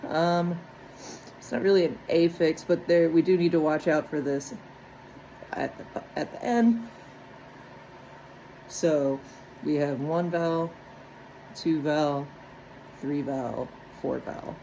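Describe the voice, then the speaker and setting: A woman's voice: low-pitched, fairly even intonation, takes it slowly, pauses often, mellow, a little hiss or hum, poor audio. Patient woman teaching a phonics lesson. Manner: patient, step-by-step, checks in with "right?".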